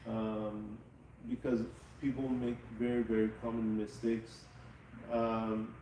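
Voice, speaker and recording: A man's voice: lowish voice, level tone, takes it slowly, mellow, a little hiss or hum. A man teaching a live class, patiently checking that students follow. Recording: echoey room, mic far off.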